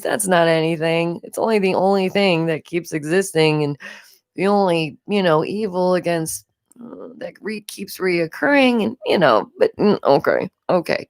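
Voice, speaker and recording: A woman chatting on a livestream from home, her voice sitting a little low. She rambles from point to point and laughs often. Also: animated, normal speed, no echo, studio quality. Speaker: livestream host. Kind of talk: casual livestream commentary.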